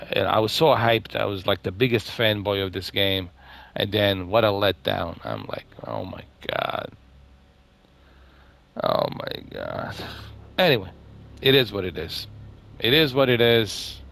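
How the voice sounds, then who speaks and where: A man with a low voice and a gravelly, fry-heavy edge talks through a casual game review. He rambles and repeats himself, leans on fillers, and sounds let down, trailing off into mumbles. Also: moderate pace, a bit bright. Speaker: gaming video host.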